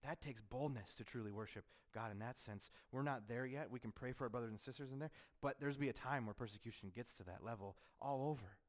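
A man's voice: mid-range voice, quick pace, hardly any pauses. A man preaching a sermon, asking rhetorical questions and acting out the voices of critics. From United States. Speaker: pastor.

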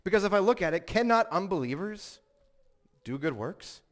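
A man's voice: high voice, very animated, normal speed, fairly bright tone. A man preaching a sermon in an earnest way, rising to emphatic peaks and telling stories with quoted voices.

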